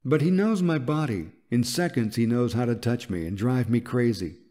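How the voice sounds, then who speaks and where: A man narrating a romance audiobook in a soft, unhurried and intimate reading. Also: medium pitch, lively intonation.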